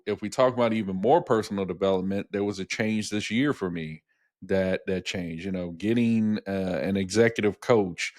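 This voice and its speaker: A man's voice: on the low side, no echo, studio quality. A middle-aged man co-hosting a casual podcast conversation, rambling through stories with repeated words and lots of "you know". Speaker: podcast co-host.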